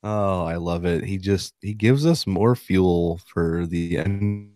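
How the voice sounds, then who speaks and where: Male podcast co-host, low voice, casual sports chat, dry sound. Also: slow, no room sound, faint music behind. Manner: laughing, animated when reading quotes.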